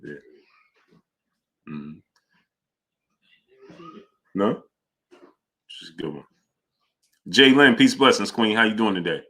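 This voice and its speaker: Bright-voiced New livestream host. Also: male voice, fairly low pitch, animated, slow, long pauses. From New York. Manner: greets viewers by name, reads super chats aloud. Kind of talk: casual livestream chat.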